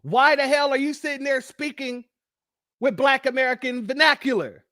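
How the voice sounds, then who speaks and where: A man's voice: extremely high pitch, fairly even intonation, moderate pace, pushed and bright, dry recording, clean studio sound. A man hosting a livestream, giving heated commentary and counting off his points one by one in a combative way. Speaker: livestream host.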